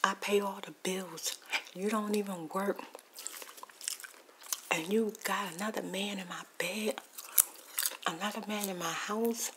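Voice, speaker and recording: A woman whispering the part of an angry, betrayed husband who shouts at his wife's lover, with clicks and noise in the background. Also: sits high, steady tone, a little slow, long pauses. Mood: aggrieved.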